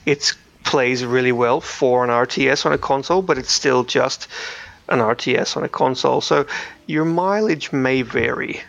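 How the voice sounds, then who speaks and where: Gravelly-voiced man chatting casually. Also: mid-range voice, normal speed, fairly bright tone, dull audio. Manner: rambling, many restarts and fillers. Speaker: podcast co-host. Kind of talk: casual chat.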